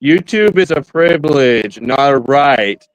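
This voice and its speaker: A man's voice: mid-range voice, lively intonation, unhurried, clear, resonant tone, no room sound, rough recording. A man co-hosting a casual stream, rambling and restarting his sentences, often turning to address the viewers. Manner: rambling, repeats and restarts phrases. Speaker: streamer co-host. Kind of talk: casual chat.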